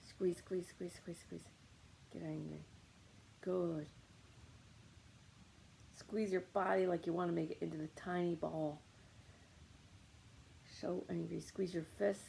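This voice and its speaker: A woman's voice: lowish voice, creaky, dark tone, a little hiss or hum, poor audio. A woman leading a guided meditation on anger, coaching listeners with short repeated commands.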